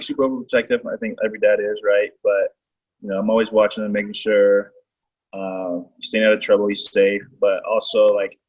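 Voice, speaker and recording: A young man, a baseball pitcher, talking casually as a guest, with lots of "like" and "you know". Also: lo-fi sound. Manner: relaxed, filler-heavy talk with many "like"s. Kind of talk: casual chat.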